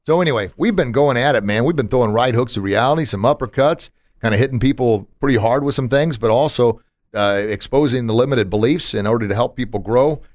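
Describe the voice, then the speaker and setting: A man's voice: medium pitch, fairly quick, darkish tone, dry recording, clean studio sound. A man hosting a podcast in casual chat, emphatic and motivational, with punchy asides. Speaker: podcast host.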